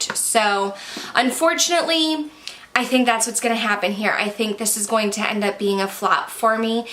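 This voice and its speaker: Young female beauty vlogger, chatty and candid, a little breathless, bright tone. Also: mid-range voice. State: slightly out of breath. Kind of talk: casual product review.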